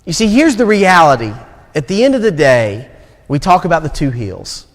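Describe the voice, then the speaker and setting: A young man with a Southern American accent preaching a sermon in a church sanctuary, moving between quick asides and slow, stressed phrases. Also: a little high, very animated. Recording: long reverb of a church hall.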